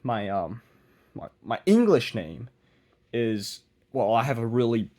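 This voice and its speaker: With big swings in pitch, a young man talks unhurriedly to camera in a medium, darkish-toned voice while working on a project. The vlogger's casual rambling is mumbly and self-deprecating, and he keeps trailing off and starting over.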